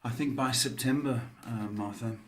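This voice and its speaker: During a live-streamed psychic card reading, this man, speaking in a mid-range voice, responds to viewers slowly. He fills his answers with ums and calls people baby and sweetheart.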